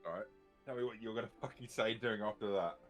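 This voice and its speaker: A man's voice: on the low side, fast, fairly bright tone, faint music behind. A man running a tabletop role-playing game, casual and swearing often. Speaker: game master.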